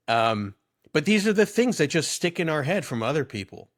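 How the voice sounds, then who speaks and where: A man's voice: mid-range voice, a little slow. A man in his thirties co-hosting a podcast, chatting casually and telling rambling, amused stories. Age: 30s. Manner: rambling storyteller, amused and animated. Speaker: podcast co-host. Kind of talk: casual chat.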